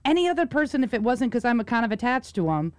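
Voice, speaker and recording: Animated woman rattling off stats. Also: a little high, fast talker, no room sound. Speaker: podcast co-host. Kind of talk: casual chat.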